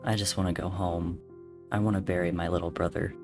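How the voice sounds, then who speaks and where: Man doing a heartbroken young king, low voice, pleading and broken. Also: level tone, a little fast, vocal fry, music in the background. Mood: grieving. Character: grief-stricken young male king, sobbing.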